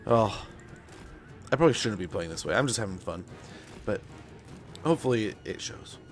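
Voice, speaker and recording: A man's voice: on the low side, expressive, normal speed, faint music behind. A young man chatting casually and rambling while playing a strategy game on stream, with lots of fillers. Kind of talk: casual gameplay chat.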